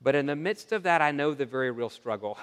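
A man preaching a sermon as pastor, telling stories in an earnest, animated way and often restarting his sentences. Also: medium pitch, quick pace, clear, resonant tone. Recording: long reverb of a large hall.

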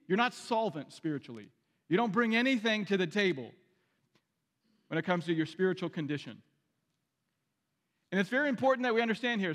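A male pastor with a high, light voice delivers a sermon in a relaxed, conversational way. He restarts his sentences and asks the congregation direct questions. His voice rings with the long reverb of a large hall.

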